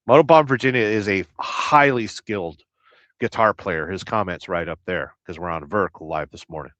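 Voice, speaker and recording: An American truck driver hosting a casual livestream, rambling through jokes and viewer comments with a deadpan, blustery manner. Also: male voice, low-pitched, moderate pace, dry recording. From United States. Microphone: livestream mic. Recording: dry, dull lo-fi stream audio.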